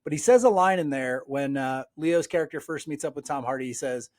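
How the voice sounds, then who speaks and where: A man co-hosting a sports podcast, talking in an animated, exasperated way with plenty of fillers. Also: fairly high pitch, fairly quick, few pauses. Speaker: podcast co-host. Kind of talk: casual sports chat.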